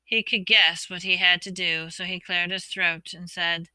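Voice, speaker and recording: A woman reading a storybook aloud, expressively voicing the characters' shouts and whispers. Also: fairly low pitch, little pitch movement, measured pace, clean tone, no echo. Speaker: audiobook reader.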